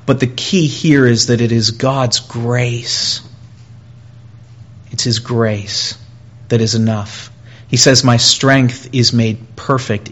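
Male preacher, mid-pitched, slow and deliberate sermon delivery, earnest, repeats key phrases. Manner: earnest, with pauses and repetition, rising and louder in quoted pleas.

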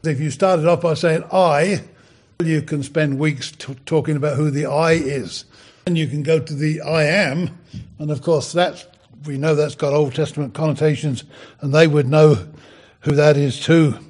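A man with a slightly high voice delivers a sermon in a halting, conversational way, stopping and restarting his sentences often. When he reads scripture, he turns louder and more emphatic. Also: fairly even intonation. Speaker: preacher.

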